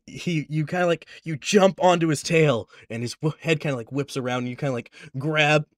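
A man's voice: a little high, steady tone, normal speed, fairly bright tone, no echo, clean studio sound. A man running a tabletop game as game master, narrating loosely with lots of fillers and frequent laughter.

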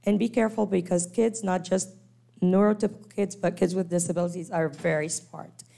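Mellow-voiced woman giving a lively lecture. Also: fairly low pitch, a little fast, gravelly. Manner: animated, acts out quoted parents and kids. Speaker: lecturer on special needs teaching. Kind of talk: church workshop lecture.

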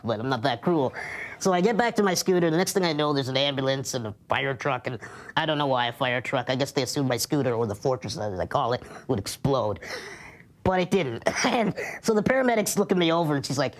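A male comedian telling a comic personal story in a dry, matter-of-fact way, slipping into quick acted quotes. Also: fairly high pitch.

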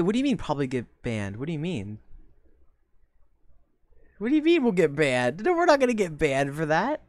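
A woman streaming a live reaction, talking to her chat, swearing casually and bursting into laughter and loud exclamations. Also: low-pitched, no room sound.

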